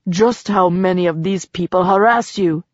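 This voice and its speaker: Woman doing a low protective male lover. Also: moderate pace, darkish tone, no echo, muffled recording, natural voice. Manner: playful and protective.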